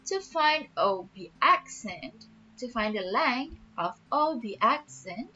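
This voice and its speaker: A woman teacher explaining a math lesson patiently, repeating each step slowly. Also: fairly high pitch, animated, bright, forceful tone, husky. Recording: dull lo-fi audio with faint music.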